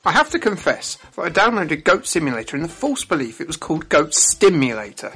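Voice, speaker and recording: A man reading a scripted comedic game review, deadpan and crude. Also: a little high, fairly quick, husky.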